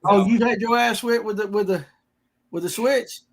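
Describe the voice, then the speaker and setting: A man hosts a casual fishing podcast. His voice sits a little high, and he talks in a folksy, rambling, upbeat way. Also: normal speed. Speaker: podcast host.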